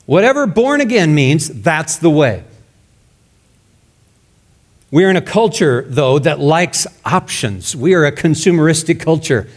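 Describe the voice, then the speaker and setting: A male pastor preaching a sermon emphatically, his voice rising loud and dropping to a hush. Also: fairly high pitch, expressive, unhurried, long pauses. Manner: emphatic, swinging between loud and hushed.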